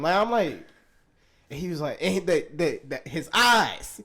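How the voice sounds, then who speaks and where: A man's voice: a little high, sing-song, normal speed, a bit bright. A young man in his twenties, co-hosting a podcast, telling a story in casual, profane slang and laughing often. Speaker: podcast co-host.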